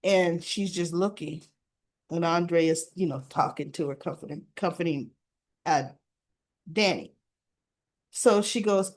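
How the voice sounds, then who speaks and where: A woman's voice: lowish voice, measured pace, long pauses, a little mellow. A woman casually retelling soap opera scenes to her viewers, chatty and informal. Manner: chatty storytelling, retelling scenes with quoted dialogue. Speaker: soap opera recap vlogger. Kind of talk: casual spoken episode recap.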